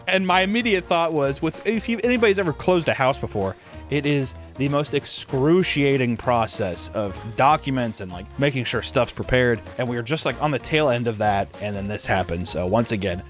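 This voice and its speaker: A man telling a personal story to camera in a casual vlog style, swearing freely and loudly acting out his own shouts. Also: on the high side. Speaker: YouTuber.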